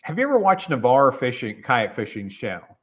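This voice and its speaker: A man's voice: medium pitch, very animated, brisk. Easygoing man hosting a podcast. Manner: easygoing, hesitant with "uh" and "you know". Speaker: podcast host. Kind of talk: casual podcast chat.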